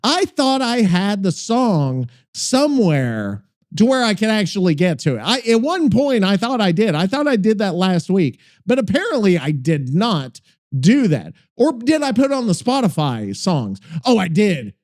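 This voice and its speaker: A man hosting a podcast, chatting casually, thinking out loud with excitable, profane asides. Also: high-pitched, a little slow. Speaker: podcast host. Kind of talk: casual rambling chat.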